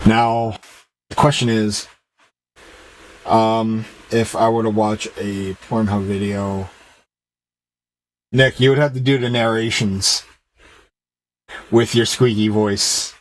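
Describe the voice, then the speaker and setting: A man's voice: on the low side, fairly even intonation, slow pace, pauses often, slight background noise, poor audio. A man streaming games, chatting casually with viewers and rambling loosely as he reads their comments aloud. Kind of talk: casual chat with stream viewers while gaming.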